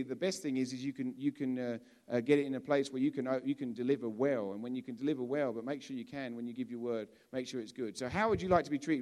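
Preaching in an easygoing, conversational style, this Englishman frequently repeats words and starts sentences over. His voice is medium in pitch.

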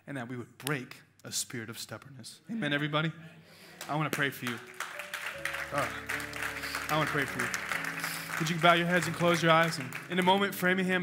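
A man's voice: fairly high pitch, pushed and bright, a little hiss or hum. A male pastor preaching a sermon in a church, telling a personal story with emotion and urging his congregation passionately. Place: church auditorium.

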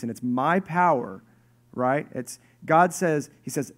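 Man, 30s-40s, pastor, conversational animated sermon, light joking asides. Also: fairly high pitch, normal speed. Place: church hall with congregation.

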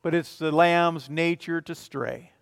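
A man preaching a sermon as a pastor, emphatic, swinging between loud declarations and quiet, low passages. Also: takes it slowly, vocal fry, long reverb tail. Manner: emphatic, rising and falling in volume.

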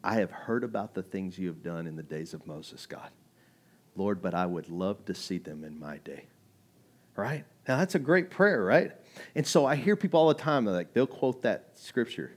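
A man's voice: fairly low pitch, expressive, fairly quick. Male pastor, sermon, chatty delivery that turns emphatic. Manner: conversational preaching, acts out quoted voices, rising to emphatic.

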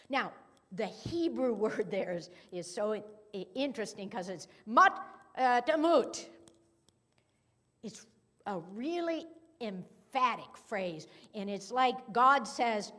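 A woman's voice: high-pitched, very animated, measured pace, fairly bright tone, in a large hall. A woman pastor giving a sermon in a conversational, playful way, acting out quoted dialogue in a church sanctuary.

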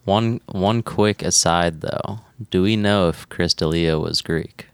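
A man's voice: low-pitched, takes it slowly, clean tone, dry recording. A man in his late twenties co-hosting a podcast, teasing his friend in laid-back, crude banter. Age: late 20s. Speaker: podcast co-host.

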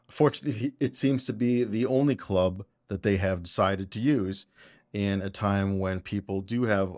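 A man's voice: low-pitched, darkish tone, no echo, clean studio sound. A man hosting a podcast, giving casual, blunt and opinionated political commentary. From Canada. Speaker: podcast host.

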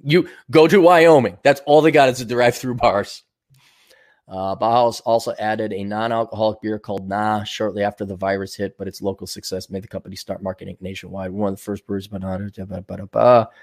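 A man's voice: fairly low pitch, fairly even intonation, fairly quick, a little mellow. Sarcastic man ranting on a podcast. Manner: sarcastic, combative and profane; mocking, laughs at his own jokes. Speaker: podcast host. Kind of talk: ranting news commentary.

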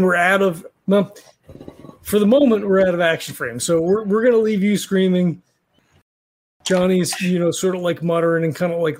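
A man's voice: high voice, darkish tone. A man running a tabletop horror game as game master, rambling with many fillers and restarts.

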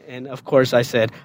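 This man is recounting something from his own past on a podcast, cursing without restraint and laughing often. Whenever he quotes someone else, he performs their lines in a higher voice, all in a relaxed storytelling style.

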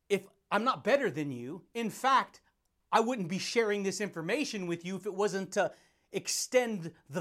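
Male podcast host, high pitch, pumped-up motivational rant, laughs often. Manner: energetic, laughing, calls listener dude and baby. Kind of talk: hyped motivational monologue.

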